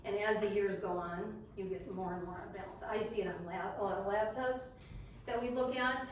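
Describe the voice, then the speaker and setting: A woman's voice: medium pitch, steady tone, moderate pace. A middle-aged woman, a health coach, chatting casually with a live audience at a community event, laughing at herself as she tells stories. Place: large room at a community event. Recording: echoey room, distant mic, faint background noise.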